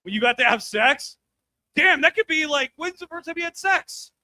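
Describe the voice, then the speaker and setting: Loud, high-voiced brash man on stage. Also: expressive, moderate pace, no room sound. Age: 30s. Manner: loud and brash, bursts into shouts to hype the crowd. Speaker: stand-up comedian. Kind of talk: live stand-up set with crowd work. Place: comedy club stage.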